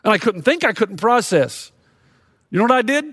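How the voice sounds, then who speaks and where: A man's voice: high-pitched, sing-song, moderate pace, fairly bright tone, no echo, studio quality. A middle-aged man preaching a sermon as a pastor, telling stories and acting out quoted lines with rising intensity.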